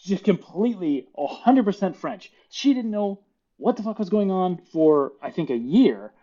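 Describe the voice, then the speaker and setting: A middle-aged man from Florida, a podcast guest telling stories in casual chat, lively and laughing often as he acts out quoted voices. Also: high-pitched, moderate pace, lo-fi sound.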